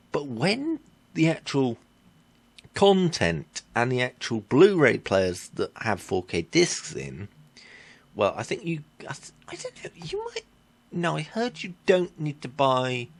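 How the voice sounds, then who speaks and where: A man's voice: medium pitch, dry recording. A man ranting in a tech vlog, blunt and exasperated, swearing casually and correcting himself as he goes. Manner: halting with fillers and self-corrections. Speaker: vlogger.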